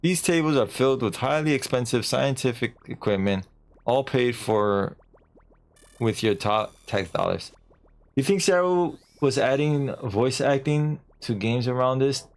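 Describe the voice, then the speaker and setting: Speaking at a measured pace in an expressive, mid-range voice, a man streams a video game and chats casually. He mocks himself and now and then adopts goofy put-on voices.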